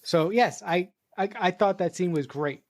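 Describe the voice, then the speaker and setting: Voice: medium pitch, normal speed. Podcaster who repeats words mid-thought. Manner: repeats words while searching for phrasing. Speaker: podcast co-host. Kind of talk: casual movie review chat.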